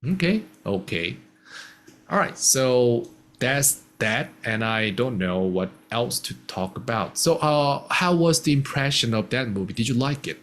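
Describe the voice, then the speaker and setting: A man's voice: mid-range voice, very animated, unhurried, a bit bright. A man teaching a casual one-on-one English lesson, patiently explaining simple words.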